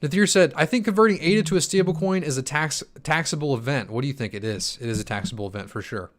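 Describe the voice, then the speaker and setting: A man's voice: a little high, quick pace. A young man in his twenties hosting a casual live-stream Q&A, tired from poor sleep and talking loosely with lots of fillers and restarts. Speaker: crypto channel host answering chat.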